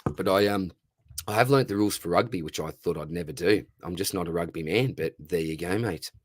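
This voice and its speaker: Australian man, young, matey livestream host, lowish voice, dry mic. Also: brisk, no echo. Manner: matey, upbeat, reads viewer questions aloud. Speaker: fantasy football livestream host. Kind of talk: casual live Q&A chat.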